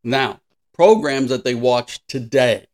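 A man's voice: medium pitch, slow pace, darkish tone. A man in his sixties co-hosting a casual podcast chat, laughing often and acting out little voices in his stories. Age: 60s. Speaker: podcast co-host.

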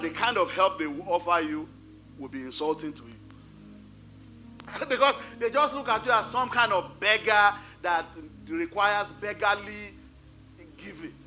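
A high, bright male voice preaching in church, forceful and emphatic, hammering home his points by repeating them. He sounds middle-aged, with soft music underneath. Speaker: pastor. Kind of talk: sermon.

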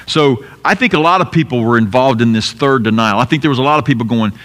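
A male pastor delivers a sermon in a large hall with a long reverb tail trailing each phrase. His voice sits at an ordinary middle pitch, and he talks earnestly, climbing to emphatic peaks before falling low and quiet for weight. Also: animated, quick pace, hardly any pauses.

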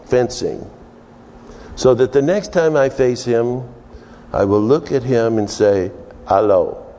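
A man preaching a sermon, working through scripture in an unhurried, halting way with many restarts. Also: medium pitch, dark tone. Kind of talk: sermon with verse study. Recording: long hall reverb.

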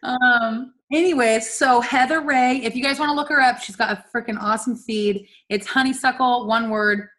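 A woman's voice: a little high, fairly even intonation, moderate pace, hardly any pauses, a bit bright. A young woman from California co-hosting a podcast, chatting casually, laughing often and swearing freely. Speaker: podcast co-host. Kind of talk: casual chat.

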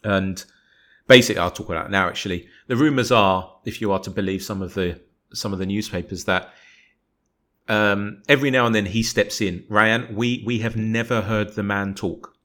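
A man's voice: lowish voice, moderate pace. A man, co-hosting a casual football podcast, arguing his point in long rambling runs and acting out imagined conversations. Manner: animated, rambling, acts out imagined dialogue. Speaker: podcast co-host.

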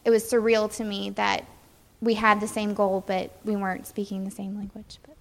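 A woman's voice: medium pitch, flat delivery, moderate pace, vocal fry. A young woman giving a hesitant church talk about her mission trip, with many ums. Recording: echoey hall.

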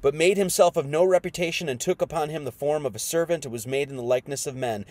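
Male preacher with a higher voice and a dry sound. Moves between quiet scripture reading and loud, emphatic, slangy preaching. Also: fast talker, hardly any pauses, no room sound. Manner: reads scripture aloud, then explains it in casual slang. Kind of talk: sermon.

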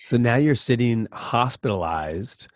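A man's voice: medium pitch, lively intonation, measured pace, no echo, studio quality. A man hosting an interview podcast, recapping his guest's story with empathy and asking follow-up questions. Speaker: podcast host. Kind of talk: interview conversation.

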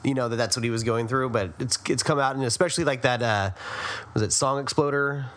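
A man hosts a music podcast in a mid-pitched, everyday voice. He talks casually and turns to the listeners as fans, thinking aloud as he goes. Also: fairly even intonation, quick pace, a bit bright. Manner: chatty, addresses the listeners as fans. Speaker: podcast host.

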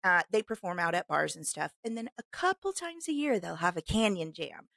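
A woman's voice: fairly low pitch, fairly quick, vocal fry, dry recording. Chatty woman podcaster, dry close sound. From Missouri. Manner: animated storyteller who acts out quotes. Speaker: podcast co-host. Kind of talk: casual chat.

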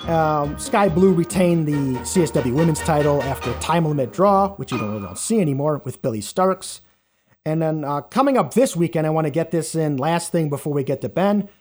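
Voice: mid-range voice, animated, moderate pace, darkish tone, faint music behind. A podcast host who runs through local wrestling news and then questions the guest in a casual, informative way.

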